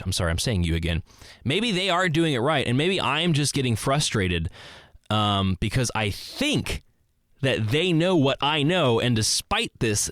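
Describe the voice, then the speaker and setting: A man hosting a solo podcast, thinking out loud in a rambling way, correcting himself and acting out both sides of imagined conversations. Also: medium pitch, no room sound, studio quality. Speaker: podcast host. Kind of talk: solo reflective monologue.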